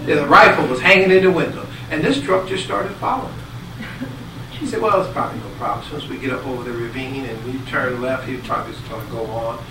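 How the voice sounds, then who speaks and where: A man giving a sermon, telling a story with acted-out quotes and swinging between loud and hushed delivery. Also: medium pitch, quick pace, recorded from a distance. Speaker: speaker giving a Bible talk. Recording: echoey hall, speaker away from mic, audible noise.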